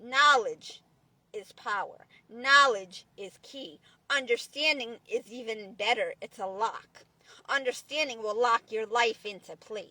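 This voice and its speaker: Brief: high-pitched woman, dry close sound, swearing and lecturing in a rant. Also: a little slow, bright, forceful tone, no room sound. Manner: profane, preachy, repetitive restarts. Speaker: vlogger. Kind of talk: angry ranting monologue.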